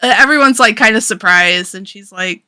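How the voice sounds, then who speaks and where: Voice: medium pitch, normal speed, pushed and bright, clear, resonant tone, no echo, rough recording. A podcast co-host casually recapping a comic story, rambling with lots of fillers, frequent swearing and laughter.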